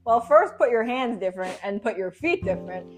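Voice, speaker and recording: Young woman co-host, fairly high voice, teasing, giggly, faint music under the talk. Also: animated, fairly quick. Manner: teasing, laughing often. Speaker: podcast co-host. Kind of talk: casual chat.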